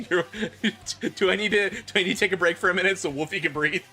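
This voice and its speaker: A man's voice: high voice, fairly quick, sharp tone, breathy edge, soft background music. A man streaming a comedic dramatic reading, breaking off for wry, laughing asides. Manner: wry, laughing asides between read lines.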